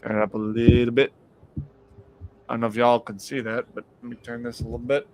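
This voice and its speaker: A man's voice: medium pitch, flat delivery, a little fast, a little mellow, poor audio. A man hosting a casual late-night podcast from home, telling rambling stories, laughing and cursing freely. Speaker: livestream host.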